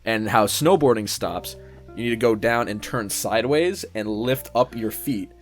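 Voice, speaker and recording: Young male co-host, lowish voice, animated, profane storyteller, faint music underneath. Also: moderate pace. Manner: animated, swears freely, acts out quotes. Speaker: podcast co-host. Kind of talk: casual storytelling chat.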